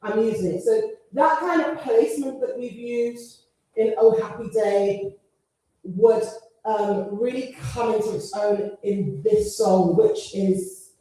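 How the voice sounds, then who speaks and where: A woman leads a gospel singing workshop, breaking into sung phrases to show placement and laughing easily as she teaches. Her voice is mellow and fairly high. She is heard from across a large, very reverberant hall. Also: slow pace. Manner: lively, demonstrates phrases by singing, laughs often. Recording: echoey hall, voice from far off the mic.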